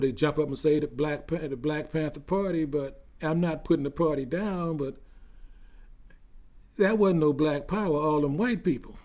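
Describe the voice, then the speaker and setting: Older guy in an oral history interview, gets lively telling his stories. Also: a little high. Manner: animated storyteller, rising as he recounts.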